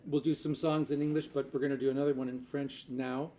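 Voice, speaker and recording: A man's voice: mid-range voice, little pitch movement, quick pace, dark tone. A man from Newfoundland introducing a French folk song at a house concert with dry, wry humor. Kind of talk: casual stage banter at a concert. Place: living room house concert.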